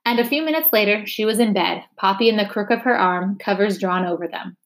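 A woman reading a novel chapter aloud, steady and expressive. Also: mid-range voice, a little fast. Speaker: reader.

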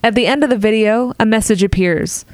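A woman's voice: a little high, brisk, dry recording. A woman co-hosting a casual podcast, reading news items aloud and then chatting and laughing often. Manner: giggly, reads news then chats. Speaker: podcast co-host.

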